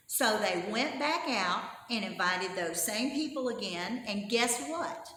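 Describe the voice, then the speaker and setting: A woman Sunday school teacher telling a Bible story to children in an animated, expressive way and asking her listeners questions. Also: mid-range voice, measured pace. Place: church. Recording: echoey church hall, faint hum.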